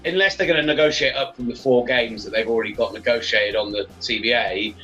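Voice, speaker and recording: A man's voice: medium pitch, fast, a bit bright, faint music behind. A man, a sports radio presenter chatting enthusiastically as a podcast guest. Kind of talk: casual podcast chat. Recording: slightly dull, lo-fi sound.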